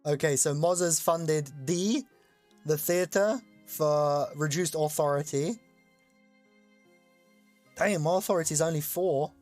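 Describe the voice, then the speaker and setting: A streamer hosting a chat-voted game live, excitable and loose, swearing casually while explaining the rules. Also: mid-range voice, slow pace, long pauses, no echo, soft background music.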